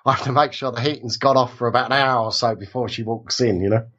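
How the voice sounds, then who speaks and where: A man's voice: medium pitch, quick pace, bright, forceful tone, dull audio. A man with a British accent and a cold, chatting casually as a podcast guest in an easygoing, chuckling way. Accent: British English. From England. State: has a cold. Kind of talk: casual chat.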